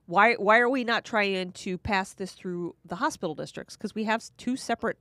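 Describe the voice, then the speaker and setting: Woman podcast co-host, chatty explainer, middle pitch, dry mic. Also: fairly bright tone, dry recording. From Florida. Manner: chatty, many restarts, brisk explaining. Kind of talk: casual political chat.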